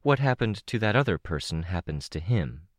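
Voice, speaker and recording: A man's voice: low voice, very animated, moderate pace, no echo, clean studio sound. A man doing a young woman teammate, lightly raised.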